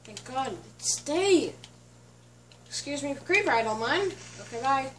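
High-voiced woman narrating gameplay from afar. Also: expressive, a little slow, a bit bright, a little hiss or hum. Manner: chatty, frequently clears throat. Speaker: let's play host. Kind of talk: casual gameplay commentary. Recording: distant mic with faint background music.

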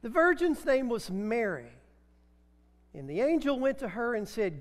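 A middle-aged male preacher with a high voice delivers a homey, story-filled sermon. His words carry a long reverb tail from the church sanctuary. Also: very animated, unhurried. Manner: chatty storytelling, breaks into song.

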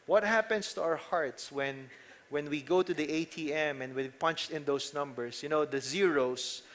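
A man's voice: on the high side, normal speed, fairly bright tone. A man with a Filipino accent preaching a sermon, telling stories casually and asking the congregation rhetorical questions. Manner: conversational storytelling, mixing in Tagalog phrases. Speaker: pastor.

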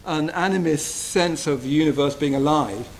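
Buddhist teacher, man, soft reflective delivery, slightly raised pitch. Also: moderate pace, slight background noise, low-quality recording. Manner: gentle, tender, often checks in with "yeah?". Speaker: Buddhist teacher giving a retreat talk. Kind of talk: reflective dharma talk. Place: retreat hall.

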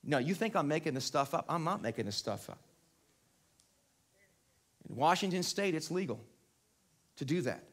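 Pastor, high voice, lively chatty sermon delivery, church service. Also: male voice, moderate pace, long pauses. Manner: animated, conversational, checks in with the crowd. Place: church sanctuary, live broadcast.

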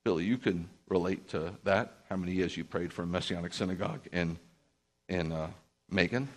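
Male rabbi, very low voice, emphatic storyteller who acts out the dialogue in his sermon. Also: fairly quick. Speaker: Messianic rabbi. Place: speaking live to a group.

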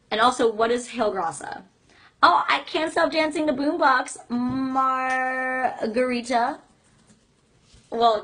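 A woman's voice: mid-range voice, breathy edge. A young woman in her twenties chatting casually with fans on a livestream, bubbly and gushing. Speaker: singer on a fan livestream.

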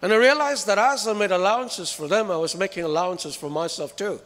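High-voiced preacher man in a reverberant hall. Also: a little fast, a bit bright. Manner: emphatic, with rhetorical questions. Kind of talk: sermon.

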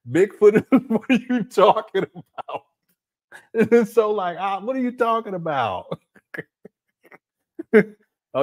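A man hosting a casual livestream, reading the chat aloud, laughing often and using slang as he calls his viewers family. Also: high voice.

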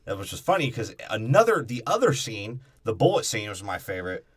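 A man co-hosting a podcast, chatting casually and crudely about a movie and mocking its characters in quick put-on voices. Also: on the low side, sing-song, slightly rough. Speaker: podcast co-host. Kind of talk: casual movie review chat.

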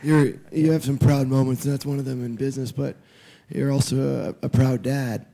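A male interviewer with a gravelly, creaky voice and a dark, mellow tone. He moderates an onstage session casually, swearing freely in a friendly way. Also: medium pitch, fairly even intonation, normal speed.

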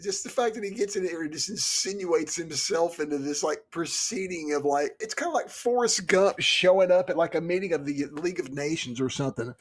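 A man's voice: a little high, fairly quick, hardly any pauses, breathy edge. A man co-hosting a casual book podcast, laid-back and giggly, rambling through his comparisons. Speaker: podcast co-host.

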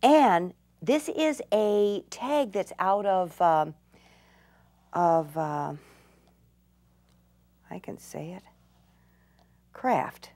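Slow, enthusiastic older woman teaching crafts. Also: fairly low pitch, dark tone. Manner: enthusiastic, gushing, drops to whispers in delight. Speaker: craft instructor. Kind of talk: craft demonstration.

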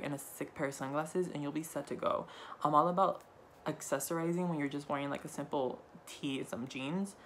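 A man's voice: fairly high pitch, a little hiss or hum. Tipsy, sassy young man vlogging. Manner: campy, profane and sassy; rambling, offhand delivery. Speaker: haul vlogger. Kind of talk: casual shopping haul vlog.

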